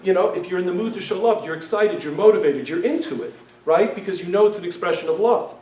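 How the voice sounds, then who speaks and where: A man's voice: sits high, fast talker, a little mellow. A man giving a casual lecture to a class, talking in a conversational way and often checking in with his listeners. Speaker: class teacher. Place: synagogue hall. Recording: echoey room, mic far off.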